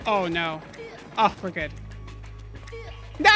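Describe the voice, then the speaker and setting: A woman streaming a video game, commenting out loud, joking and exclaiming as she plays. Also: mid-range voice, moderate pace, long pauses, music in the background. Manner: animated, exclaims and laughs often, jokes with chat. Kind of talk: live gaming commentary.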